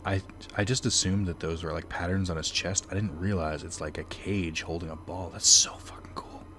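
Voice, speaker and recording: A man's voice: low voice, steady tone, brisk, faint music behind. A man doing casual let's play commentary, rambling with fillers and the odd swear. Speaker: let's player.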